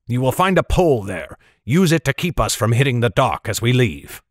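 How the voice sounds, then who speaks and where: A man voicing an impatient, gruff boat captain who barks scornful orders in an audiobook. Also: mid-range voice, big pitch swings, moderate pace, dry recording, clean studio sound, lightly acted.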